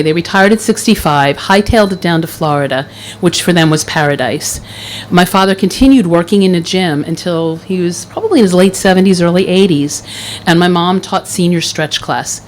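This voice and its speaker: A middle-aged woman from the Philadelphia area telling a personal story live on stage, wry and warm with laughing asides. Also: on the low side, a little hiss or hum, rough recording. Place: event stage in front of an audience.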